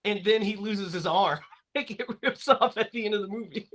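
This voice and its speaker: Male podcast host, slightly high and bright, loose and rambling delivery with lots of "um" and "like.". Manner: rambling, filler-heavy, quick to laugh. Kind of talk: casual movie-review chat.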